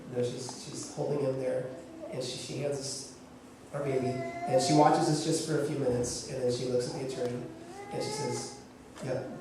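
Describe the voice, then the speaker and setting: A man sharing the story of adopting his son to an audience, animated and laughing as he acts out what people said. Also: mid-range voice. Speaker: adoptive father sharing testimony. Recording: echoey room from far off with noise.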